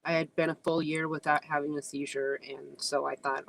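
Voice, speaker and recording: A woman guest on a livestream talking softly and earnestly, teary after crying. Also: deep voice, level tone, normal speed, gravelly, hardly any pauses, a little hiss or hum, poor audio. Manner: soft, earnest, emotional. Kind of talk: casual conversation.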